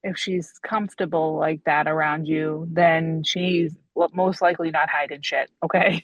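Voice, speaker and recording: A woman's voice: low-pitched, fairly even intonation, normal speed, no echo, highs cut off. A woman co-hosting a podcast in casual chat, talking frankly about parenting and dropping dry, wry asides. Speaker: podcast co-host.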